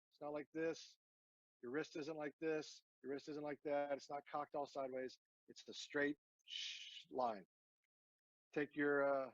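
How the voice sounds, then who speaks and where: A man's voice: fairly high pitch, no room sound, lo-fi sound. A man who served in the military, talking earnestly in an interview with many fillers and restarts. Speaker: veteran guest. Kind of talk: casual interview talk.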